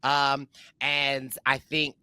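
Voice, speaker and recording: Podcast co-host, young man, very bright voice, dry close sound, animated storyteller. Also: mid-range voice, very slow, clear, resonant tone, no room sound. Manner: animated storyteller, acts out quotes, many fillers. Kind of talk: casual chat.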